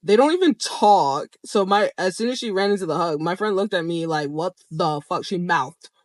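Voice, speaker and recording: A young adult vlogger telling a story straight to camera, animated and expressive, swearing often. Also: medium pitch, normal speed, no room sound. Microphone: camera framed close to the speaker.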